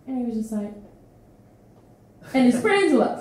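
A woman's voice: very high-pitched, moderate pace, long pauses, slight background noise. An Australian woman telling a story at a live poetry event, acting out the people in it as she goes. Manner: animated, acts out the people in her story. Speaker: feature poet. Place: small studio venue with a live audience. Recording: echoey live room recording.

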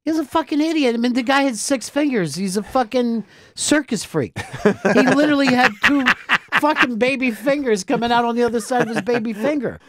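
A man telling profane stories on a radio talk show, animated and laughing as he goes. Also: very high voice, a little fast. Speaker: guest, radio host. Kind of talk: casual talk-show storytelling.

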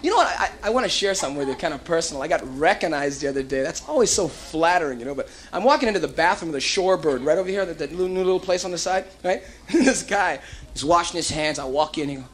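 A man's voice: on the high side, quick pace. A man doing live stand-up comedy, with a Hawaiian Pidgin accent, working the crowd playfully. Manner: animated, playful crowd work with put-on voices. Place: comedy club stage. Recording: live club recording on vinyl with audience laughter and hiss. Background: audience laughing.

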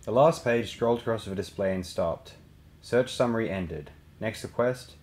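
A man reading a novel aloud as an audiobook narrator, in a steady, even way. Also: fairly low pitch, moderate pace. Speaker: audiobook reader.

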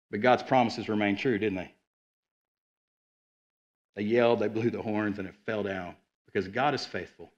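A man preaching a sermon as a guest speaker, with energetic, conversational delivery and quick asides. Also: mid-range voice, dull audio. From Arkansas. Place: church sanctuary.

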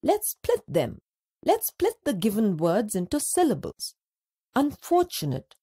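A woman narrating a scripted school lesson, speaking slowly and deliberately and stretching words out syllable by syllable. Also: high-pitched, wildly swooping pitch, mellow, slight background noise. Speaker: teacher narrator.

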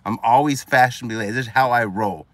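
A man's voice: medium pitch, fast talker, fairly bright tone, no echo. A man hosting a casual live stream outdoors at a marina, upbeat as he greets viewers by name and reads their comments on a phone held at arm's length. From California. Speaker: livestream host.

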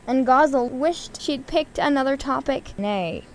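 A woman reading a children's novel aloud, lively, lifting her voice a little for the characters' lines. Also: fairly high pitch, measured pace, very noisy. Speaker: reader.

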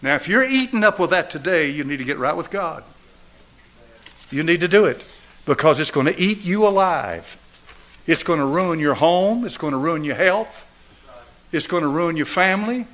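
A pastor in his seventies preaches with a slightly raised voice. He hammers phrases through repetition and drops from a forceful pitch to near-hush as he pleads with the congregation. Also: expressive, normal speed. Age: 70s. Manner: emphatic, repetitive preaching cadence; swings between raised and hushed delivery. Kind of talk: sermon with altar call.

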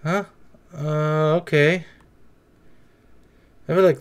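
Excitable higher-voiced man reacting to anime. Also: measured pace. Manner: excitable, swearing, blurts reactions. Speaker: anime reaction video creator. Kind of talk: casual anime reaction commentary.

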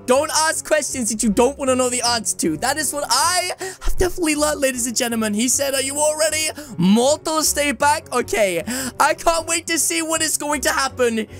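Woman gaming host, high and excitable, shouty sing-song commentary. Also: fairly quick, faint music behind. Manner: hyped, addresses "ladies and gentlemen", bursts into shouts and sing-song. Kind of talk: excited let's-play commentary.

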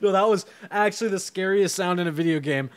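A man streaming a game live, commenting casually and excitably, swearing and laughing as he plays. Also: sits high, fast talker, clear, resonant tone, dry recording.

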